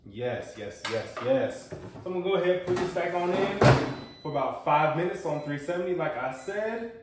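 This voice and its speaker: A man hosting a casual cooking vlog, chatty and calling his viewers y'all, sinking to low murmurs as he tastes the food. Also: animated, normal speed, heavy background noise. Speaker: cooking show host. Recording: very echoey room, far from mic, music behind.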